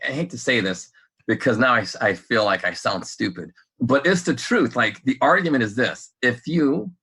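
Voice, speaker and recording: A man co-hosting a casual podcast. He talks in a rambling, animated way, laughs often and swears now and then. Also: medium pitch, slightly rough. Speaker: podcast co-host.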